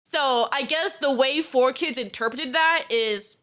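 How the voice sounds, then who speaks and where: A woman streamer giving casual reaction commentary, animated and giggly, with lots of filler words. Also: high-pitched, measured pace.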